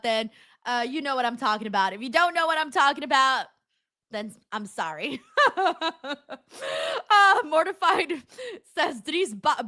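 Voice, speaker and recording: A young woman hosts a casual watch-along stream, reacting excitably to viewer messages. Her voice sits high and rings bright, and she laughs easily and swears without a second thought. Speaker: livestream host.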